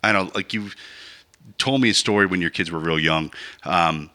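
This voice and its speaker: Podcast co-host, male, low voice with a bright, sharp edge, loose rambling talker. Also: moderate pace. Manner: rambling, reasoning aloud with many "like" and "right?". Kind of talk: casual chat.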